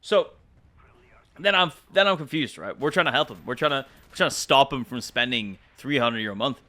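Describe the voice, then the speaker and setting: A young man with an Irish accent tells a customer-service story as a rant, his tone exasperated and full of swearing. His voice is bright and forward, and he keeps checking in with the listener through rhetorical questions. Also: mid-range voice, animated, a little fast. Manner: exasperated, profane, rhetorical "right?". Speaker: commentary YouTuber. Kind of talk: ranting storytime commentary.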